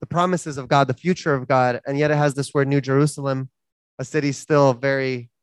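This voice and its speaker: A man's voice: mid-range voice, smooth, no room sound. A man preaching a reflective, earnest sermon, building through repeated phrases.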